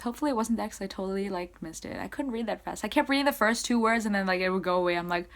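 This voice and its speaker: A young woman excitedly recapping a concert she attended, in casual rambling speech full of "like". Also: mid-range voice, very fast. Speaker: concert-going fan.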